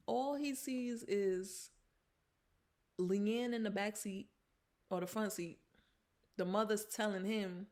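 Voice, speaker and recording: A woman's voice: medium pitch, slow pace, darkish tone. A woman retelling a film's plot in a casual vlog, chatty, with fillers and restarts, acting out the characters' lines. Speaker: film reviewer. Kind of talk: casual film recap vlog.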